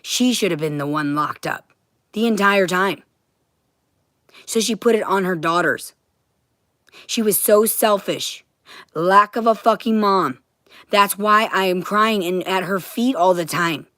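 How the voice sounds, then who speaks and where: Low-voiced woman ranting profanely. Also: moderate pace, fairly bright tone, no echo, studio quality. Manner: profane, ranting, swears constantly. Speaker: vlogger. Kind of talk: livestream rant to viewers.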